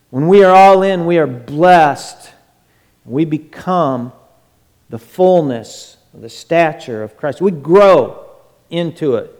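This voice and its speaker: A man's voice: fairly high pitch, a little mellow. A man preaching a sermon as pastor, emphatic and drawn out, often repeating words. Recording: echoey church hall.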